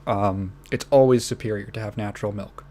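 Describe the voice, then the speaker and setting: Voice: sits low, steady tone, a little fast, warm tone. A podcast host ranting casually, outraged and incredulous, swearing and repeating phrases with bursts of laughter.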